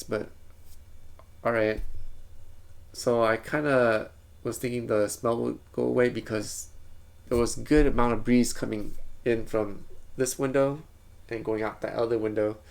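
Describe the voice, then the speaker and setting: A man's voice: mid-range voice, steady tone, unhurried, vocal fry, long pauses. A man telling a rambling, self-correcting story in a casual vlog. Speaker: vlogger.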